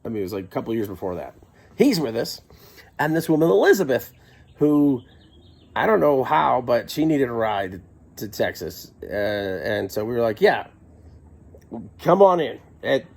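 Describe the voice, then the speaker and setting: A middle-aged man with a slightly husky voice tells a personal story in a loose, rambling way. His pitch swings freely as he wanders off into wry asides and corrects himself. It sounds casual and conversational. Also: a little mellow. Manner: rambling, self-interrupting, wry.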